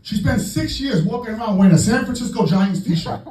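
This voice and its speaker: Brash foul-mouthed guy doing standup, high voice, echoey club mic from far off, crowd laughing. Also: animated, a little fast. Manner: brash, profane, loud punchlines. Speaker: stand-up comedian. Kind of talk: stand-up set. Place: comedy club stage. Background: audience laughing.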